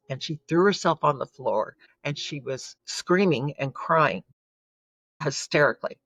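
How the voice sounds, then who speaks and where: A woman's voice: sits low, expressive, unhurried, fairly bright tone, husky, dry recording, highs cut off. Earnest woman telling her story. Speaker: podcast guest. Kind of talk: personal testimony in an interview.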